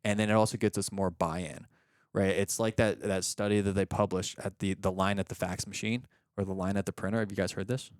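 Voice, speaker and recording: In a coaching session chat on a podcast, a low-voiced man speaks fairly quickly in a clean tone, guiding a client patiently step by step. He's a young adult or middle-aged father of young children who teaches steadily and frequently role-plays sample questions. Studio-quality audio, no echo.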